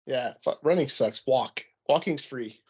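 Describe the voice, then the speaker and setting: A man's voice: mid-range voice, unhurried, husky, muffled recording. Laid-back swearing man on a podcast. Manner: laid-back, swears freely, laughs often. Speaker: podcast co-host. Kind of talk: casual podcast banter.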